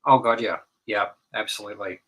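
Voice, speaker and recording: A man from North Carolina with a Southern US accent, chatting casually on a stream in a halting way. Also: lowish voice, fairly even intonation, bright, forceful tone, poor audio. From North Carolina, USA. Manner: halting, many fillers and restarts, laughs. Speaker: stream guest.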